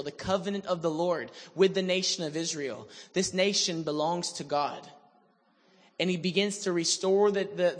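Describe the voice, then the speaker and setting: A male pastor preaching a sermon with animated, dramatic storytelling. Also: sits high. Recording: reverberant hall.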